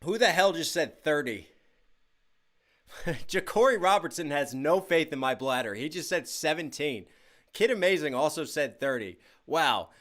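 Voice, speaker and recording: A young man chats casually on his home livestream, shouting out donors and chat. His voice sits slightly high for a man. He sounds a bit worn out but keeps pushing the energy up. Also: lively intonation, moderate pace. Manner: upbeat, hyped shout-outs to chat. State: tired. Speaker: livestream host.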